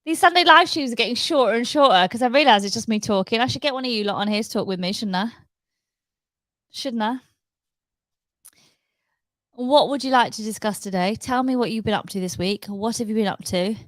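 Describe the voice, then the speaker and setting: A woman's voice: a little high, brisk, pauses often, fairly bright tone, no echo, poor audio. A woman, chatting casually and rambling with her viewers on a live stream. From Wales. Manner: chatty, rambling, lots of fillers and likes. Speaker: livestream host.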